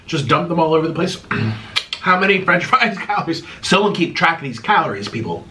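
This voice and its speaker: A man in his thirties eats on camera at home and answers his viewers' questions, sarcastic and theatrical, moving between high and low pitch. His voice is animated, brisk, pushed, and bright, recorded on a distant mic with slight background noise.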